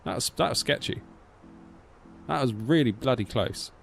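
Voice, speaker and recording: A British man in his thirties, from the United Kingdom, streams flight sims and tells stories in a casual live-stream chat, with faint music behind him. His voice is medium-pitched and creaky at a moderate pace, and he rambles animatedly, acting out the quotes.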